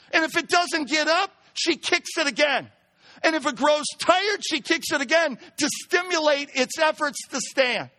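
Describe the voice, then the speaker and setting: A pastor preaching a sermon, building to emphatic near-shouts as he drives his points home. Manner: reads a poem in a hushed lower voice.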